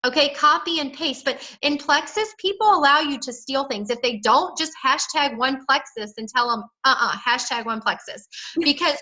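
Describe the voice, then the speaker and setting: On rough call audio, a high-pitched woman with a sharp tone speaks at a moderate pace with few pauses. Coaching her sales team, she stays chatty and emphatic and keeps acting out the lines she'd use with people.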